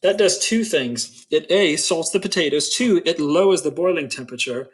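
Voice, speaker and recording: A man's voice: a little high, expressive, normal speed. A man, a school choir director, demonstrating a recipe in a kitchen, talking playfully and hamming up a mock British accent. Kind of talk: casual cooking demonstration.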